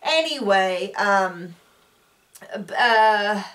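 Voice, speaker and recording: A woman chatting casually as she recaps a show, rambling and acting out quotes in a higher voice. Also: expressive, extremely slow, a bit bright, distant mic. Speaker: recap vlogger.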